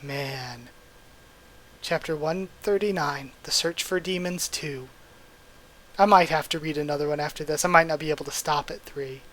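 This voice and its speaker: A man reading a manga aloud and reacting as he goes, excitable and swearing, with bursts of astonishment. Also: a little high, moderate pace, rough recording. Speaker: manga readthrough host.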